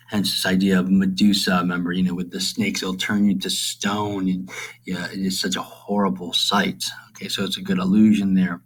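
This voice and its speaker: A male teacher talks through a summary in a loose, meandering way, peppering it with fillers and asides. His voice sits a little low, and the delivery feels unscripted and conversational. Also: flat delivery, normal speed, low-quality recording. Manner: rambling, with many fillers and asides. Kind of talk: casual lesson summary.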